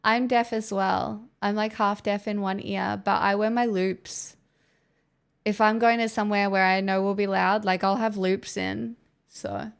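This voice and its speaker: A woman's voice: medium pitch, level tone, a little slow, creaky, clear, resonant tone. An Australian woman livestreaming, chatting casually and answering viewers' messages with rambling restarts.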